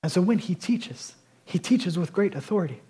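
A man preaching a sermon as pastor, swinging between emphatic loud declarations and quieter conversational asides. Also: sits high, animated, moderate pace, slightly rough.

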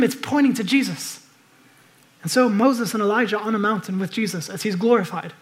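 A man preaching a sermon, moving between loud urgent exhortation and hushed, reflective passages. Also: very high-pitched, a little fast. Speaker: pastor.

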